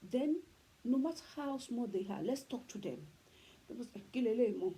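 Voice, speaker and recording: A woman's voice: a little high, lively intonation, moderate pace, dark tone, breathy edge, poor audio. A middle-aged woman with a Nigerian Yoruba accent, giving earnest parenting advice and repeating her points emphatically, with faint background noise. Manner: repetitive, preachy, emphatic. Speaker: parenting talk host.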